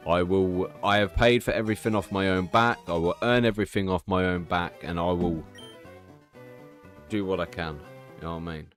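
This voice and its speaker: A young man with a very deep voice talks openly while streaming, swearing freely as he confides. Faint music plays underneath him. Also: steady tone, normal speed. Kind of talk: casual live-stream chat.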